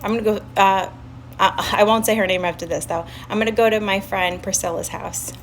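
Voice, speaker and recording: A young woman with a Staten Island New York accent, telling a story on a casual livestream, animated and swearing freely. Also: mid-range voice, brisk, slight background noise. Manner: chatty, animated, swears freely, breaks off to greet chat. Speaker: livestream host.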